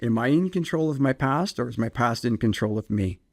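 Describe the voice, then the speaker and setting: A man hosting a self-help podcast, speaking in an earnest, measured way and putting reflective questions to the listener. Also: medium pitch, expressive. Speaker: podcast host, psychologist.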